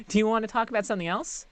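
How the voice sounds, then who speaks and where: A streamer doing a squeaky little kobold girl. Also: fast talker, a bit bright, close to an everyday voice. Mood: playful. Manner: squeaky, sing-song, repeats herself, talks in third person. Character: excitable little female kobold servant. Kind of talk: live-streamed game voice acting.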